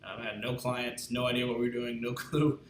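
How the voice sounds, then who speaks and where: Man, business owner testimonial, flat, even delivery, echoey room. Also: medium pitch, brisk. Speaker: small business owner giving a client testimonial. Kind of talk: casual testimonial. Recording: echoey room with faint noise.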